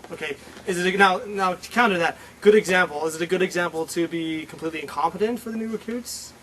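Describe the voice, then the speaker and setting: Brief: man, slightly high voice, hesitant, sarcastic, faint background hiss. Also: quick pace, fairly bright tone, low-quality recording. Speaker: comedic superhero character interviewing others. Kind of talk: improvised comedy web series.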